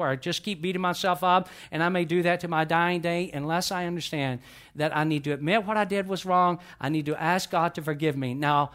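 A man's voice: high voice, fairly bright tone. Folksy older male pastor preaching. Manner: folksy, asks the congregation questions. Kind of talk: sermon.

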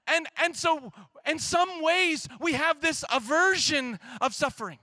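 A man preaching a sermon in a church as pastor, conversational and animated, at times shouting. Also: very high voice, a little slow, dry recording.

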